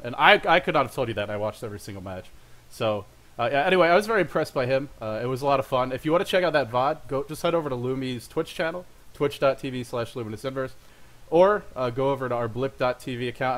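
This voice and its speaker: A young man talks quickly through a casual monologue for his own show. He rambles, pokes fun at himself and fills gaps with "uh" and little laughs, his voice sitting at an ordinary middle pitch. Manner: rambling, self-deprecating, with frequent fillers and laughs. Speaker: show host.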